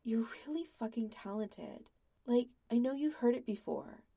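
A woman voicing a gentle young man who reassures his bandmate, soft-spoken and low, in a read-aloud story. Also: very animated, moderate pace, creaky, full character voice. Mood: tender.

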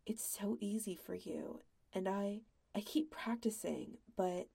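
Lady doing a shy young dude, super hushed, kinda gravelly, audiobook. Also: medium pitch, slow pace, heavily acted. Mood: insecure. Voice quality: hushed, half-whispered. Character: shy, insecure young male bassist.

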